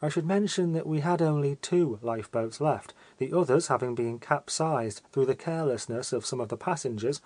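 A man's voice: mid-range voice, moderate pace, hardly any pauses, a little mellow, no echo. Man reading a story in a dry, close voice. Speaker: audiobook reader. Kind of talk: scripted first-person narration.

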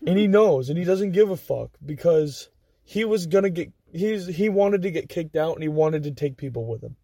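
This young man's voice sits a little high and moves at a normal speed, with no room sound. He's a podcast guest swapping profane, casual anecdotes, lively and acting out other people's lines as he goes.

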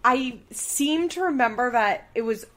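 A woman co-hosting a casual podcast, chatting loosely with lots of fillers as she reasons out loud. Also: a little high, expressive, unhurried. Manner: chatty, many fillers, talks through hunches. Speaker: podcast co-host. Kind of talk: casual chat.

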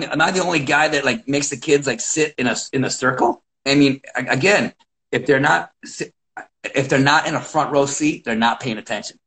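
A wrestling coach, a man, telling animated stories about his practices in a casual chat, acting out quotes and often restarting sentences. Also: mid-range voice, poor audio. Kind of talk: casual podcast storytelling.

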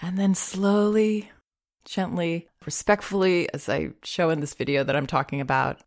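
A woman calmly giving parenting advice, gentle and reassuring, with soft laughs. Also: sits low, moderate pace. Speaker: parenting advisor. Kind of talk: advice talk.

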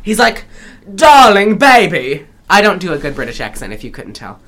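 A woman's voice: extremely low pitch, sing-song, very fast, a bit bright. A woman co-hosting a podcast, recapping a film in casual chat with many restarts and laughs. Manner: rambling, restarts, laughs often. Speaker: podcast co-host.

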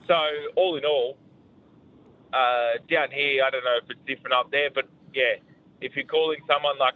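A man's voice: mid-range voice, fairly even intonation, normal speed. An Australian man calling in with a casual, swearing voice message. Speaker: caller. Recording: tinny phone-quality voice message.

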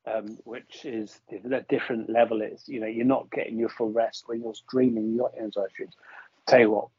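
A man's voice: mid-range voice, little pitch movement, fairly quick, breathy edge, dry recording. A man co-hosting a podcast over a video call, agreeable and hesitant, often restarting his sentences. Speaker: podcast co-host. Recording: dry lo-fi video call audio.

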